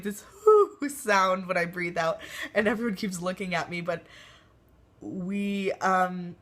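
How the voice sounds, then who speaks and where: Young woman talking low, vlogging her day, lots of ums and likes, kinda rambly. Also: fairly bright tone. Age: young adult. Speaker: vlogger and college marching band member. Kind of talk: casual personal video diary.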